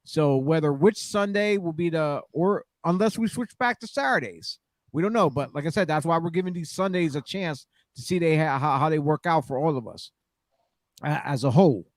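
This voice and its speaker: A man's voice: fairly high pitch, expressive, moderate pace, no room sound. A man hosting a casual wrestling podcast, rambling with fillers and hyping guests like a ring announcer. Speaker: podcast host.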